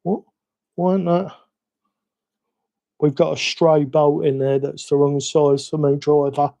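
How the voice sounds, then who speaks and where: Cockney man, slightly high voice, mellow tone, easygoing live-stream chatter, self-mocking. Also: flat delivery, measured pace, vocal fry. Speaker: hobby livestream host. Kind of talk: casual live-stream chat while working.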